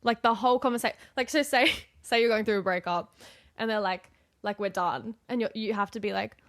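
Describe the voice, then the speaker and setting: A woman's voice: mid-range voice, fairly quick, dry recording, clean studio sound. A young woman, co-hosting a casual podcast over a video call and telling stories in a bubbly, rambling way. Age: young adult. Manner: bubbly, filler-heavy storytelling. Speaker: podcast co-host. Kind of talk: casual chat.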